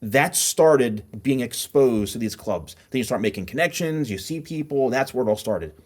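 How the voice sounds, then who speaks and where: Animated middle-aged storytelling man. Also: medium pitch, normal speed. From New Jersey. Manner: animated storyteller who acts out voices in his anecdotes. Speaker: podcast host. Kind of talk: casual storytelling chat.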